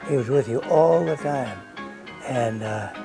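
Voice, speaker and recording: A man's voice: mid-range voice, expressive, measured pace, gravelly. A man fondly remembering a teacher in an interview, hesitant with fillers. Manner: fond, hesitant. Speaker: interviewee, actor. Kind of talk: reminiscing interview. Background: music.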